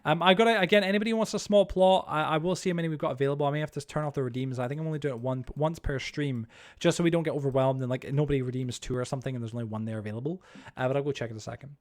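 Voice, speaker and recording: A man's voice: mid-range voice, steady tone, racing. A young man streaming a building game, chatting casually with his viewers and stumbling over his words with lots of fillers. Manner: chatty, reads chat aloud, many fillers and restarts. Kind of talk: live-stream chat while playing.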